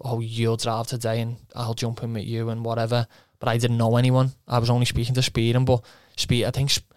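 Young man, casual rambling anecdote, flat delivery, dry close sound. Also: mid-range voice, smooth, no echo. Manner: rambling, swears, quotes himself, laughs often. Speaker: footballer guest.

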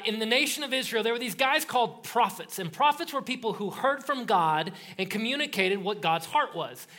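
A man with a rather high voice preaches to his congregation like he is chatting with friends. He tells the story with energy and humor, and now and then he jumps into the voices of the people in it. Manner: animated storytelling, acts out voices in quotes; casual, joking tone. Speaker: pastor. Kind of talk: sermon.

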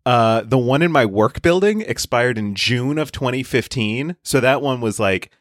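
A man's voice: mid-range voice, expressive, normal speed, dry recording, clean studio sound. Man telling a story in overly precise detail. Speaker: podcast co-host. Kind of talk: casual comedy podcast chat.

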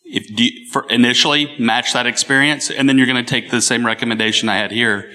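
A man's voice: medium pitch, steady tone, fast, sharp tone. A man on a conference panel giving step-by-step advice. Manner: explanatory, advising. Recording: reverberant conference hall.

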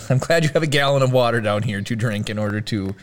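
A man's voice: medium pitch, fairly quick. A man hosting a casual livestream, playful and laughing a lot with his co-hosts. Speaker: host.

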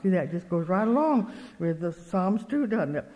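A woman's voice: on the low side, very animated, moderate pace, lo-fi sound. An older woman giving a folksy sermon, telling stories and acting out both sides of conversations with earnest emphasis. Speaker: speaker at a religious meeting. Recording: long reverb of a hall.

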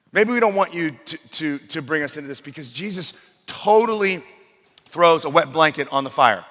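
A male pastor preaching in a large church hall, his voice carrying a long reverb. He speaks with a bright, forceful tone, and his storytelling is animated and full of dramatic turns. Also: a little high, moderate pace. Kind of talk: sermon.

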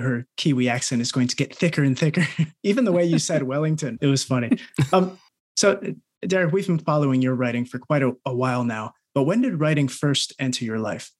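A man co-hosting a podcast, asking a guest questions and thanking listeners in a friendly way. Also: medium pitch. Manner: friendly, encouraging. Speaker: podcast co-host.

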